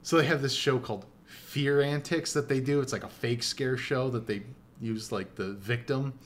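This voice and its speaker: A man's voice: mid-range voice, normal speed. A man hosting a casual chat, who laughs often and acts out quotes in exaggerated voices.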